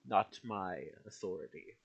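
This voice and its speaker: A man playing a tabletop game, speaking in a calm, measured way. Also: low voice, vocal fry, husky. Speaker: player.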